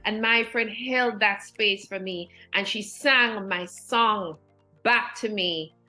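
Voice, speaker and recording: A woman's voice: mid-range voice, slow, pushed and bright, faint music behind, poor audio. A woman guest educator telling personal stories in an earnest, heartfelt, faith-filled way, emotional and near tears.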